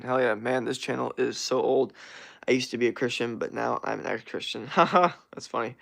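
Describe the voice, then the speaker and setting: Male streamer, gravelly voice, dry close sound, blunt and profane, reads and answers chat. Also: medium pitch, normal speed, a bit bright, dry recording. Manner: blunt and profane, laughs often. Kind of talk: casual livestream chat.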